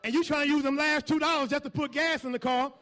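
A man preaching a sermon, building from quiet asides to loud call-and-response shouts. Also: very high-pitched, fairly even intonation, quick pace.

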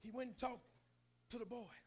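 A man's voice: very high voice, moderate pace. A male preacher giving a sermon in a colloquial, storytelling manner.

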